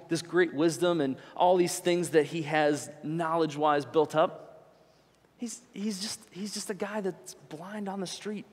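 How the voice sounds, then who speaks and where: A young man preaching a sermon in a church, conversational and animated as he tells stories. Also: high voice, big-room sound. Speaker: pastor. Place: church sanctuary.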